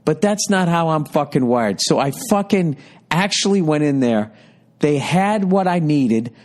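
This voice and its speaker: A man's voice: on the high side, expressive, a little slow, a little mellow. Foul-mouthed man in his fifties ranting. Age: 50s. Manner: heavy swearing, rambling, exasperated. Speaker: podcast host. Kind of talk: profane comic storytelling monologue.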